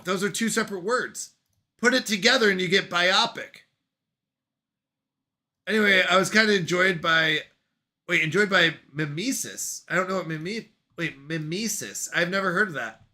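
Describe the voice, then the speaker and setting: High bright-voiced laughing streamer man. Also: animated, brisk. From Canada. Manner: laughing, playful, bantering with chat. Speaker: livestream host reading chat. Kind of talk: casual live-stream chat. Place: at home on a couch.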